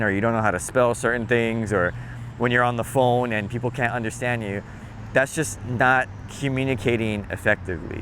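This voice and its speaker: A man from Hawaii with a Hawaiian accent, casually explaining local phrases in a relaxed, chatty vlog. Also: slight background noise. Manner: relaxed, chatty, demonstrates phrases with playful low tones. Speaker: vlogger.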